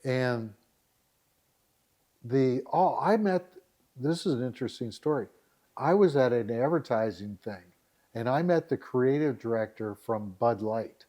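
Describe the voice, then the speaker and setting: Animated middle-aged man telling stories. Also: medium pitch, measured pace, pauses often. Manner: animated storyteller, acts out scenes. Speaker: dating site founder, guest. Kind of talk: storytelling in a podcast interview.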